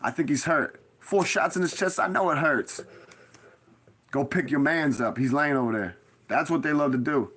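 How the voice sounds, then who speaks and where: A man's voice: fairly high pitch, moderate pace, a bit bright, husky. A man in a casual rambling monologue, giving blunt street advice in heavy slang and constant profanity, with stern warnings.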